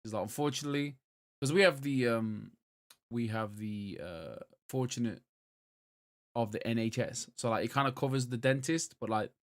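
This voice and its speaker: Telling a story during a relaxed podcast conversation, this British co-host in his thirties alternates loud outbursts with quiet, muttered asides. He speaks at normal speed with a medium pitch.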